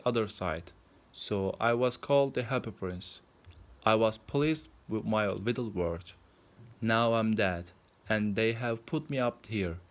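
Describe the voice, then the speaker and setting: A man's voice: medium pitch, natural voice. A man voicing a sorrowful male statue prince in a plainly read storybook.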